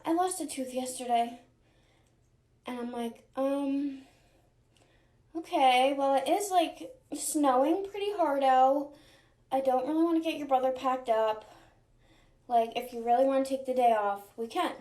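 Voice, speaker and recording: A young woman, a mother, casually telling a family story and acting out the quoted lines in lively voices. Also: high voice, unhurried, pauses often. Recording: echoey room.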